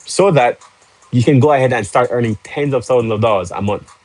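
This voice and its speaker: A man's voice: medium pitch, brisk, darkish tone, dry recording, poor audio. A man hosting a live stream, casual and pushy, urging viewers with rhetorical questions and joking with the chat. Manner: salesy, pushy, laughs easily. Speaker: livestream host.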